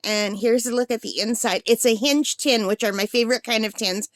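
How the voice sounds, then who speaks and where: A sixty-year-old woman unboxing a birthday gift on her vlog, gushing with breathless excitement. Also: on the high side, fairly quick. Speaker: art supply vlogger.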